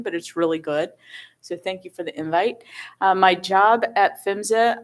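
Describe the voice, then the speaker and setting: Government official, woman in her 50s, from the Midwest, chatty and self-deprecating, conference panelist. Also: lowish voice. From American Midwest. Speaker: federal pipeline safety official, panelist. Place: hotel ballroom conference session.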